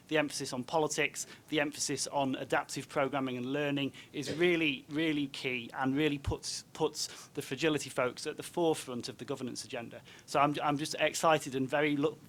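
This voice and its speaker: A man's voice: mid-range voice, fairly bright tone. A man making an enthusiastic floor comment at a forum, with many hesitant fillers. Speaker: audience member.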